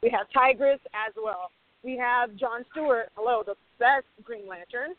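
With a fairly high voice at a moderate pace, this woman screenwriter argues emphatically during an animated panel discussion, acting out snippets of dialogue. There's no echo, though the audio is tinny and phone-like.

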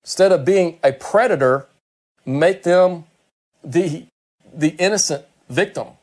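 A man preaching a sermon, reading scripture verse by verse and explaining it in his own words, slowing down for quoted lines and speeding up when he acts out a character. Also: a little mellow. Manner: slows right down for quoted words, speeds up and climbs in pitch when acting out Peter.

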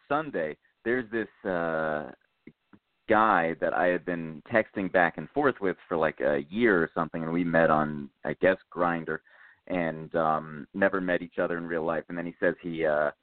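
A man's voice: sits low, measured pace, no echo. A man in casual podcast chat, telling a story in a rambling way with many fillers. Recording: tinny phone-like dry sound.

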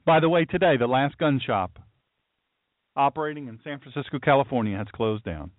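Male talk radio host, animated pitch swings, hammering rhetorical questions; tinny, dry phone-like sound. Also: a little fast, no room sound. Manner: heated, repetitive, rhetorical questioning. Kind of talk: political commentary monologue.

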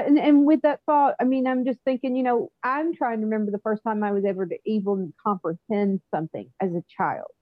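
A woman's voice: medium pitch, no echo, lo-fi sound. A woman co-hosting a podcast in casual chat, talking in chatty bursts with many restarts. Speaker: podcast co-host.

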